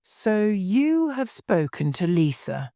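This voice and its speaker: A woman reading the part of a serious, calm male police inspector who asks steady, polite questions in a graded story reading. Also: medium pitch, takes it slowly, no room sound, studio quality, pitched above the performer's own voice.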